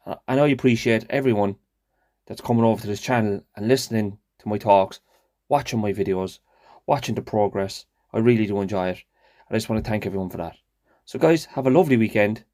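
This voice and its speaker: A man's voice: on the low side, fairly quick, darkish tone, no room sound, clean studio sound. A man, a gardener hosting his own channel, talking casually and sincerely to viewers outdoors in a garden, addressing them as guys. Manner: sincere and reflective, then upbeat. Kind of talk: casual vlog talk to viewers.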